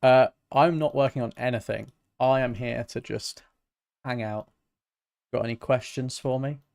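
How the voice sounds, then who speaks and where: This music producer from Britain is chatting with his stream's viewers in a loose, self-mocking manner. His voice is medium-pitched, a little slow and creaky, and the clean studio recording carries no echo.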